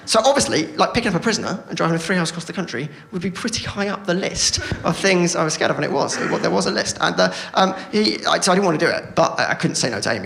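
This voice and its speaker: Gravelly, rambling stand-up comedian. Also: male voice, on the high side, sharp tone. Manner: rambling and self-deprecating, with many stammered restarts. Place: London theatre stage. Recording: live theatre recording with noise.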